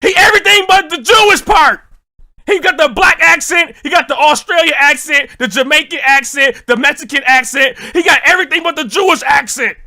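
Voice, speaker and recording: Very high-pitched, excitable male reactor. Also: fairly quick. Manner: loud, excitable, swearing, bursts into shouting. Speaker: music reaction host.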